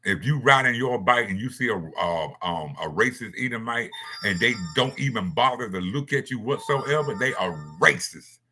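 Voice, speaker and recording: A man's voice: mid-range voice, lively intonation, moderate pace, bright, forceful tone, soft background music. A man in a casual monologue, talking bluntly and profanely in a rambling way.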